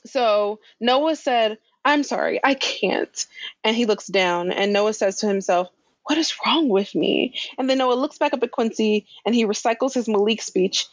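A woman talks through a show recap in an easygoing, animated way, dropping slangy asides as she goes. The recording is dry and slightly dull. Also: on the high side, moderate pace, no room sound. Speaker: podcast co-host recapping a show. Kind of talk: casual chat.

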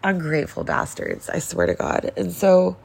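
A woman's voice: on the low side, huge pitch swings, moderate pace, creaky, darkish tone, slightly rough. A woman in her forties in a casual confessional vlog, upset and near tears, talking in a raw, rambling way with lots of swearing. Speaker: vlogger.

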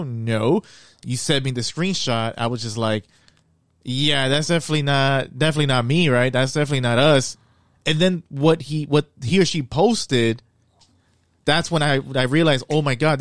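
A man co-hosting a podcast, laid-back and quick to agree in casual chat. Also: mid-range voice, no room sound, clean studio sound. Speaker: podcast co-host.

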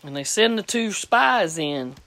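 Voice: medium pitch, expressive, unhurried, bright, forceful tone, no room sound. A preacher giving a plain-spoken, folksy sermon, reading scripture aloud and repeating phrases for emphasis.

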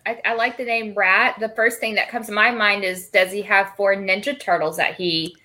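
Bright playful woman guest. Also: medium pitch, steady tone, normal speed. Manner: playful, giggly, teasing. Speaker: podcast guest. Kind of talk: casual podcast chat.

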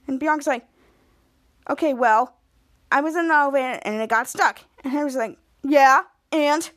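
A woman's voice: sits high, normal speed, fairly bright tone. A woman podcast host casually recapping a TV episode, retelling each scene and raising her voice for the quoted lines.

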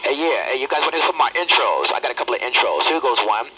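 Man, excitable chat line host, lively swinging pitch, noisy phone line. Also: racing, hardly any pauses. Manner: excitable, keeps repeating "hey, hey, watch your mouth". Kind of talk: loud casual banter on a phone chat line.

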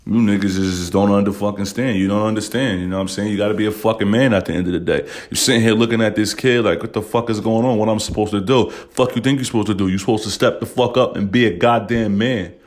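A man's voice: lowish voice, fairly even intonation, quick pace, hardly any pauses. A man hosting a casual podcast, talking bluntly and emotionally, swearing a lot and often saying "you know what I'm saying". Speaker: podcast host.

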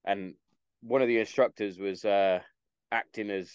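A man telling a sweary, lively anecdote in a casual chat. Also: on the low side, unhurried, clean tone, no echo, highs cut off.

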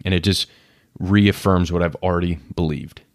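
A man in his thirties speaks candidly in a reflective personal monologue, searching his past out loud. His voice sits a little low. The sound is dry and close, with no room around it. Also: fairly even intonation, normal speed, no echo. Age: 30s. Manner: candid, self-searching, acts out inner voices. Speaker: podcast host.

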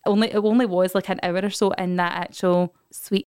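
A woman's voice: mid-range voice, a little fast, smooth, no echo, clean studio sound. A young Scottish woman chatting on a podcast, telling her birth story and acting out what people said. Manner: lively storyteller, acts out quotes. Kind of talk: casual chat.

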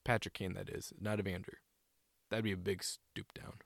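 A man co-hosting a casual sports podcast, animated and a bit profane, often acting out players' shouted lines. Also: deep voice, normal speed, gravelly, no room sound, studio quality. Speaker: co-host.

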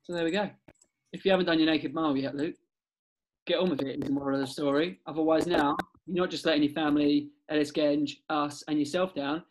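Chatty higher-voiced man on a podcast. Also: quick pace, poor audio. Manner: chatty, laughs often, excitable. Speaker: podcast host. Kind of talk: casual chat.

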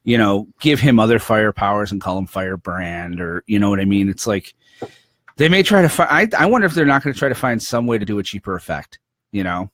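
A man's voice: lowish voice, lively intonation, brisk, a bit bright, dry recording. A man co-hosting a podcast, chatting casually with joking, self-deprecating asides. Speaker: podcast co-host. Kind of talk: casual chat.

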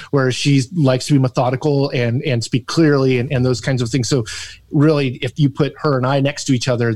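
A man's voice: medium pitch, darkish tone, no room sound. A man co-hosting a casual podcast chat, talking with energy, rambling and restarting often. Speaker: co-host.

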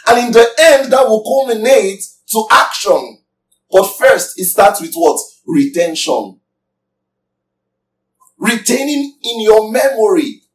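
A man's voice: high voice, animated, measured pace, far from the mic. A man preaching a sermon emphatically, asking his congregation questions as he teaches. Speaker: pastor. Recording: echoey room, voice from off mic.

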